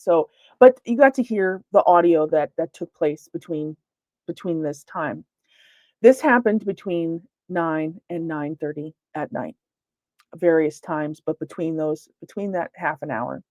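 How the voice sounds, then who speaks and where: Speaking through a computer microphone on a video call, this paranormal investigator lectures informally and chats with frequent fillers and false starts. Her voice is on the low side with a darkish tone, and there's no echo.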